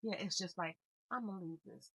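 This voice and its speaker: A woman giving a casual spiritual card reading, speaking calmly and musingly with a melancholy air. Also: fairly low pitch, vocal fry, breathy edge, dry recording, poor audio. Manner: calm, unhurried, musing with soft laughs. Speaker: tarot reader.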